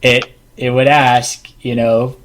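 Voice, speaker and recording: A man's voice: mid-range voice, little pitch movement, takes it slowly. A man hosting a podcast in casual group chat, rambling with fillers as he reads out news items. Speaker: podcast host.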